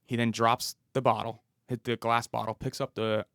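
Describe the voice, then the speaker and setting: Gravelly-voiced police officer telling a story. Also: male voice, mid-range voice, level tone, normal speed, fairly bright tone, no room sound, studio quality. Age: 30s. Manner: vivid storyteller who acts out the dialogue. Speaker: police officer, podcast guest. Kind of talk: storytelling interview.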